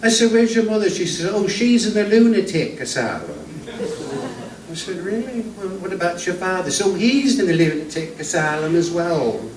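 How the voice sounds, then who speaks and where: A man's voice: high-pitched, sing-song, moderate pace, crowd noise, pitched above the performer's own voice. An older man playing an old, henpecked music-hall comedian. He tells jokes in a rambling, stammering patter in a vaudeville routine. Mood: wry patter. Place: theater stage. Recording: echoey stage from a distance, faint room noise.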